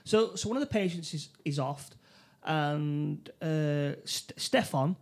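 A man recapping a film plot in casual chat, halting, with many restarts and fillers. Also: a little high. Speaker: film review co-host.

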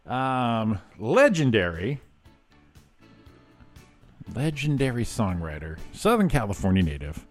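A man's voice: mid-range voice, sing-song, slow pace, long pauses. Guy hosting a morning show, cracking jokes thru the birthdays, faint music under it. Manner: wisecracking, reads celebrity birthdays. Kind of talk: casual radio banter.

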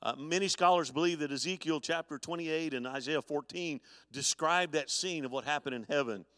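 A man's voice: on the high side, brisk, fairly bright tone, dry recording, studio quality, big-room sound. A man preaching a live sermon as pastor, folksy, with stammered restarts and chuckles. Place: church sanctuary.

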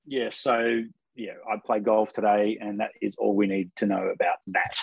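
A man's voice: fairly low pitch, normal speed, gravelly, husky, dry recording, lo-fi sound. Chatty man co-hosting. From Australia. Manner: relaxed, chatty, frequent ums. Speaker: podcast co-host. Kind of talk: casual live-stream chat. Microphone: video call.

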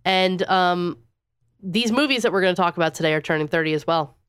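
Woman, 30, podcast co-host with a head cold, congested, smooth voice, chatty and filler-heavy, dry close mic. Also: on the low side, fairly quick, a bit bright, no echo. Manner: chatty, lots of fillers and likes. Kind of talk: casual podcast chat.

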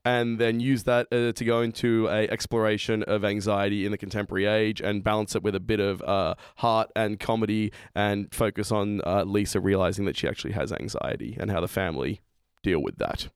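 Deadpan male guest, unhurried, dry close mic. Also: lowish voice, smooth, no room sound. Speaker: podcast guest. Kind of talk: casual review chat.

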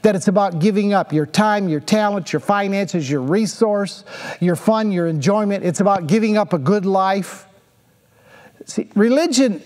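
A man's voice: high-pitched, darkish tone. A man preaching a sermon, pressing the listeners with repeated rhetorical questions and emphatic, repetitive phrasing. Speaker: pastor. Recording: long hall reverb.

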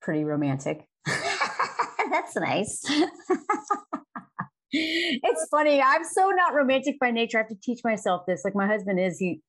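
A woman's voice: on the high side, big pitch swings, measured pace, pauses often, a bit bright. A woman in her forties talking frankly as an interview guest, laughing often and swearing casually. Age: 40s. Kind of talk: candid conversational interview.

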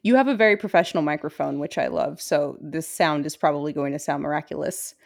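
Low-voiced Brooklyn woman hosting a chat. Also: fast talker, vocal fry. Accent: Brooklyn New York. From Brooklyn, New York. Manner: chatty, laughing, frequent restarts. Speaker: podcast host. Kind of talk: casual chat.

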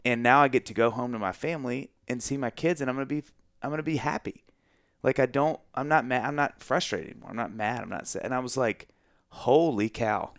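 A man's voice: mid-range voice, fast, fairly bright tone, no echo, clean studio sound. A man, telling a funny personal story in a casual, self-mocking chat full of restarts. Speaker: guest.

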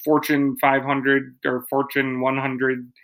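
A man's voice: medium pitch, monotone, slow pace, a bit bright, rough recording. A man hosting a podcast, joking around and leading the segments in casual chat. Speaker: podcast host.

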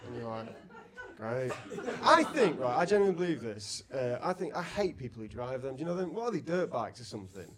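A man tells blunt, rude stories on stage as a live podcast co-host. His voice sits mid-pitch. A loud audience laughs and murmurs all around him in the live venue. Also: very animated, fast talker, hardly any pauses. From Blackpool. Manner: rude, blunt, jokey storytelling. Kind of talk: live comedy podcast chat. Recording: live show with loud crowd.

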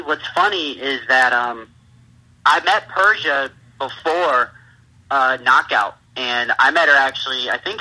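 Bright, husky wrestler on a phone line. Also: male voice, mid-range voice. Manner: rambling, laughs through his stories. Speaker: pro wrestler, interview guest. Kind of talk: casual interview talk.

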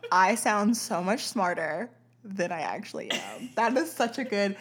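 A woman's voice: medium pitch, animated, a little slow. A woman from Arkansas, a podcast host, chatting casually in a plain accentless voice, swearing freely and laughing often. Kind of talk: casual chat.

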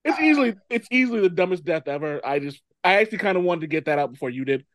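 Animated high-voiced man chatting. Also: racing, no room sound, clean studio sound. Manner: animated, swearing, laughs a lot. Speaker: podcast host. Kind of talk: casual chat.

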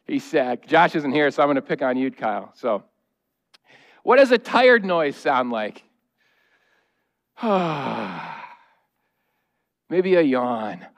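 High-voiced joking pastor. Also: male voice. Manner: humorous, conversational, acting out noises and quotes. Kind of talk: sermon. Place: church sanctuary.

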